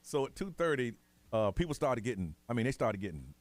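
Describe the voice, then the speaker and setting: Male morning radio host, quick and animated, dry close mic, does the voices in his stories. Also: medium pitch, no room sound. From United States. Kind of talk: casual storytelling on morning radio. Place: radio studio.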